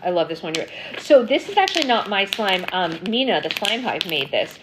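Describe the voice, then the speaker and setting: A woman's voice: medium pitch, sing-song, normal speed, background noise. A woman hosting a casual live stream, chatting and answering viewer comments with frequent ums. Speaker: slime livestream host. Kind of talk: casual livestream chat.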